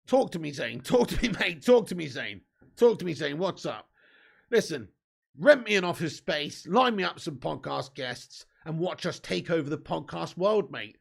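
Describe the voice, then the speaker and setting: A man hosting a live football watch-along, chatting excitedly with viewers, joking, laughing and swearing. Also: on the high side, normal speed, vocal fry, slightly rough.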